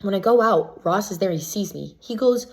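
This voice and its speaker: A woman casually recapping events as a reality show contestant, chatty and full of "like" fillers, lively when she quotes others. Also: medium pitch, moderate pace. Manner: chatty, filler-heavy with constant "like"; gossipy and animated when quoting others.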